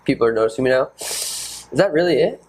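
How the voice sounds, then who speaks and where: Young guy hosting a podcast, middle-pitched voice, relaxed, swears freely, slips into voices of other people. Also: fairly quick, poor audio. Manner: loose, swears a lot, animated impressions. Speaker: podcast host, fighter. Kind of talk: casual chat.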